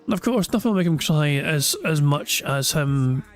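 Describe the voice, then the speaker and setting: Man, sarcastic reaction commentary, profane, slightly high voice, faint music. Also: lively intonation, moderate pace. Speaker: streamer reacting to a clip. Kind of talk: mocking live commentary.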